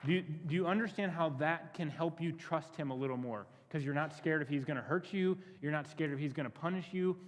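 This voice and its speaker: Energetic man preaching in a reverberant church. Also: on the high side, a little fast, few pauses. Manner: energetic, asks the crowd many questions, repeats words. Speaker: youth pastor. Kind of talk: sermon to a youth group. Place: church sanctuary. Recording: long reverb of a church hall.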